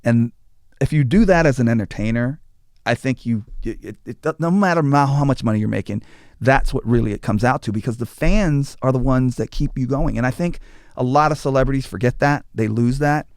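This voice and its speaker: The speaker is a man with a medium pitch who talks a little fast, recorded in a clean studio with no echo. A guest and former tour manager, he tells casual stories animatedly, acting out what people said and stammering through restarts.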